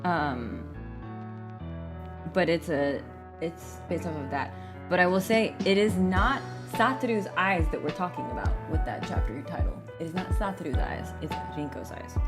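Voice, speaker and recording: A woman's voice: lowish voice, animated, moderate pace, music in the background. A young woman gaming streamer in casual live-stream chat, giggly, rambling and playful.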